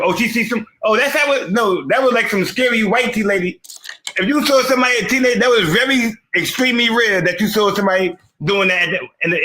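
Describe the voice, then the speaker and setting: A man's voice: high voice, pushed and bright. Insistent New York man in a heated argument, echoey room. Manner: insistent, rambling, keeps restarting sentences. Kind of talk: heated debate.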